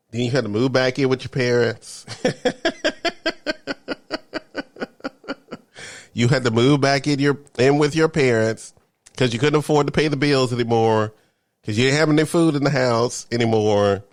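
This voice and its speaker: Guy ranting to camera, jokey, drops to whispers sometimes, average pitch, dry sound. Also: moderate pace, no echo. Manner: animated, with hushed whispered asides. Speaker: vlogger. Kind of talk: comedic rant to camera.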